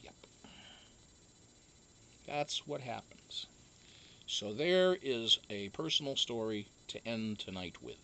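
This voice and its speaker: A young man, a reality show houseguest, telling a casual story in a profane, animated way. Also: medium pitch, takes it slowly, long pauses.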